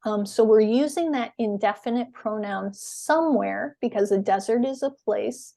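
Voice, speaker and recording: A woman teaching English in a webinar, explaining words slowly and patiently with clear stress. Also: fairly high pitch, warm tone.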